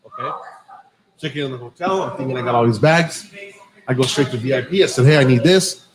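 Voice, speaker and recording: Over crowd noise and a low-quality recording, a podcast host with a mid-range voice, talking a little fast, animatedly relates a long, profane anecdote in a casual way, acting out the quoted dialogue.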